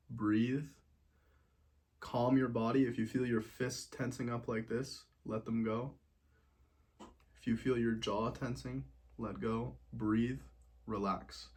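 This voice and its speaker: A young man giving a calm self-help talk, soothing and gently coaching, repeating key phrases as he walks through simple steps. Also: mid-range voice. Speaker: motivational speaker.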